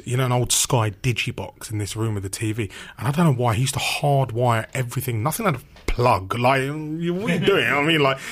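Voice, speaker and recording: A man who works as a radio presenter, telling stories in a casual interview, chatty and animated with lots of "like" and "you know.". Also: medium pitch.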